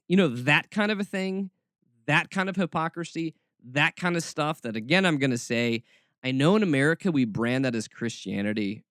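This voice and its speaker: A man's voice: medium pitch, normal speed, no room sound, clean studio sound. A man hosting a podcast, giving snarky, exasperated commentary. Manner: sarcastic, exasperated, animated. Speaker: podcast host.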